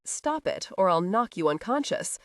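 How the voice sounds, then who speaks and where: A woman doing a curt, commanding masked highwayman. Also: very animated, measured pace, no room sound, studio quality. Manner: curt, commanding, mock-menacing. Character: disguised male highwayman, gruff and commanding.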